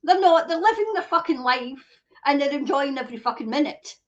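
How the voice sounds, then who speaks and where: With a high-pitched, animated, fairly bright voice on lo-fi audio, a Scottish woman runs a casual livestream. She swears and rants as she reads viewer comments, quick to get worked up.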